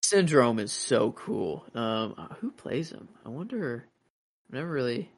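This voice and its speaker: A young man talking movies on a casual podcast, in a middle-pitched voice. He rambles and restarts, full of fillers, and his excitement runs ahead of his words. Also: unhurried, crowd noise. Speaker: podcast co-host.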